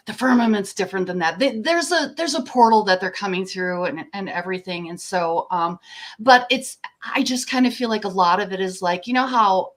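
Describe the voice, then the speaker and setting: An older woman talking as an interview guest, earnest and rambling, a little emotional and given to laughing mid-sentence. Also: medium pitch. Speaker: guest, contactee. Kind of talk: casual interview conversation.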